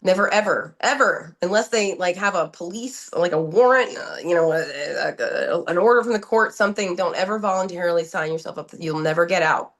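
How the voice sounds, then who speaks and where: A woman's voice: lowish voice, fairly quick, hardly any pauses. Urgent, emotional woman telling her story. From New Jersey, USA. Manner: urgent, animated retelling with many restarts and quoted dialogue. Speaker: podcast guest.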